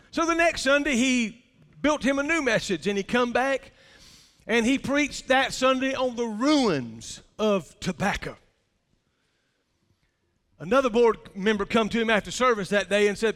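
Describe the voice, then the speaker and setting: A man's voice: very high voice, lively intonation, a bit bright, long reverb tail. An older male pastor preaching a sermon in a church, telling folksy stories and drawing out key words for emphasis. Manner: folksy storytelling with drawn-out emphasis. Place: church sanctuary.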